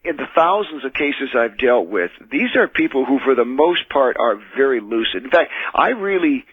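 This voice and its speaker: An American minister and exorcist, a man, telling his experiences as a radio guest in an earnest, measured way, often restarting his sentences. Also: medium pitch, big pitch swings, slightly rough, no room sound. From United States. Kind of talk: radio call-in interview, recounting experiences. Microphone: telephone. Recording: tinny phone line.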